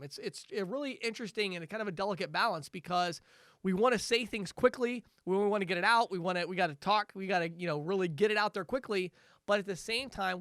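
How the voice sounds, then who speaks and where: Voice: mid-range voice, fairly bright tone, no room sound, studio quality. A sales trainer giving a recorded training lecture, coaching conversationally, repeating words for emphasis, chuckling now and then and acting out quotes from prospects.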